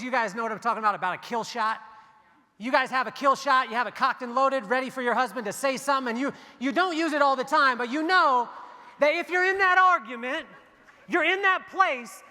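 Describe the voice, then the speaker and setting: A man's voice: extremely high pitch, bright, forceful tone. A man giving a motivational keynote speech on stage, telling stories and joking with the audience. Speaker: keynote speaker. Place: large hall on stage. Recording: long hall reverb.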